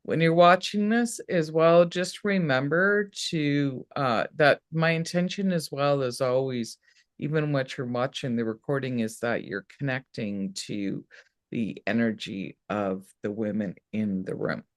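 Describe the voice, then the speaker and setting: A woman's voice: a bass voice, unhurried, no echo, clean studio sound. A woman hosting a live online astrology workshop, speaking in an upbeat, encouraging and affirming way. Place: indoor room. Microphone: video call setup.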